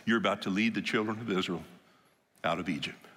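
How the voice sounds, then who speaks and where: A man preaching a sermon in a church, telling Bible stories in an animated way and acting out the quotes. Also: deep voice, brisk, husky, big-room sound. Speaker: pastor.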